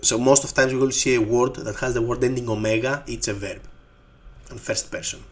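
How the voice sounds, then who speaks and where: In a slow explanatory lesson, a Greek-accented man who speaks Greek natively teaches it in English and patiently repeats every form. His mid-range voice keeps a fairly even intonation and moves fairly quickly.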